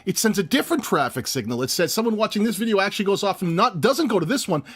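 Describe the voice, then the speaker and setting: A man with a voice pitched a little high co-hosts a live stream. He talks casually and with energy, explaining ideas and walking through what he clicks on screen. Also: animated, quick pace, breathy edge. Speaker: co-host of a channel review live stream.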